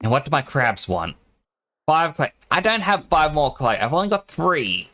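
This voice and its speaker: A man's voice: fairly high pitch, big pitch swings, moderate pace, pushed and bright, slight background noise. A young man talking casually over a game stream. He sounds sleepy, rambles from topic to topic and often laughs. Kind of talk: casual gaming stream chat.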